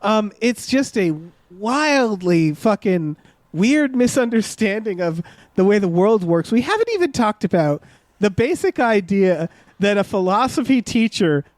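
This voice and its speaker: A man co-hosting a podcast, giving casual, sarcastic commentary on a film in an animated, ranting way. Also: high-pitched, unhurried, no echo. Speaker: podcast co-host.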